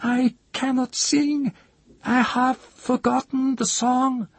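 A man voicing a frightened chanter who stammers and cries out in a high, rising voice. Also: level tone, takes it slowly, vocal fry, no echo, exaggerated voice. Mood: terrified. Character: terrified old male chanter, high-voiced.

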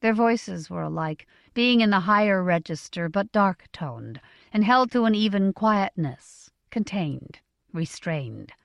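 Expressive woman reading a novel. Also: mid-range voice, a little slow, vocal fry, dry recording, muffled recording. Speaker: audiobook narrator. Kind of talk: scripted narration of a novel.

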